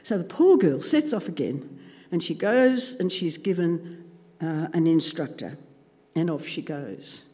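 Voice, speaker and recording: A man with an animated storytelling manner, acting out dialogue as a Christian speaker. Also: on the high side, measured pace. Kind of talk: storytelling talk. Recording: long reverb in a hall.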